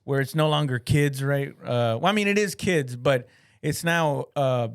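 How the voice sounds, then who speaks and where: Podcast co-host, mid-pitched man, rambles through a memory with restarts, dry close sound. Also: clean tone, no room sound. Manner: halting, rambling recollection with restarts. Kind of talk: casual chat.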